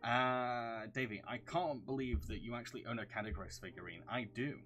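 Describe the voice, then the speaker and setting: A man's voice: mid-range voice, a little fast, fairly bright tone, faint music behind. A young man from the north of England, a video reviewer chatting casually through viewer questions on a livestream, rambling and humming filler syllables between them.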